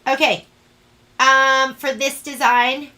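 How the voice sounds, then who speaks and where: A woman's voice: high-pitched, steady tone, slow pace, sharp tone, low-quality recording. A woman teaching a live online sewing class, chatting in a rambling, self-deprecating way as she works. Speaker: sewing instructor.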